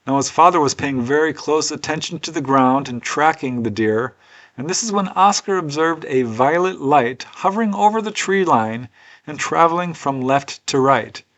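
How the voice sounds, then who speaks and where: A man's voice: a little high, expressive, moderate pace, fairly bright tone. A man presenting case studies as a researcher, telling each story in an earnest, conversational way with personal asides. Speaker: UFO researcher and author presenting cases. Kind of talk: unscripted storytelling narration.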